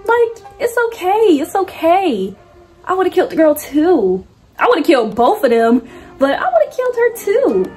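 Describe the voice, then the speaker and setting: A young woman casually recapping a movie's plot, slangy and animated, with big swoops in her voice. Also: extremely high pitch, a little slow, soft background music. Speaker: movie reviewer.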